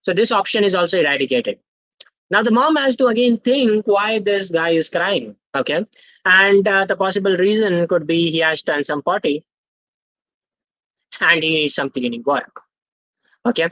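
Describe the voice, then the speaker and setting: A man's voice: sits high, lively intonation, moderate pace, pauses often, fairly bright tone, no echo. Young man teaching live online, muffled. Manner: interactive, quizzes the chat, tags sentences with "okay?". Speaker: guest speaker at a student tech workshop.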